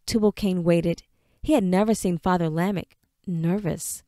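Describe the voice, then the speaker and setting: A woman reading an audiobook aloud in a measured storytelling manner. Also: fairly low pitch, steady tone, mellow, no echo, studio quality. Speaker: audiobook narrator. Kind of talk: scripted narration.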